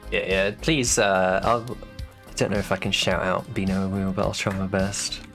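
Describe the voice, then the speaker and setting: A man hosting a casual streamed interview, hesitant and filling pauses with frequent ums. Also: sits low, level tone, creaky, fairly bright tone, soft background music. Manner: hesitant, full of ums and trailing phrases.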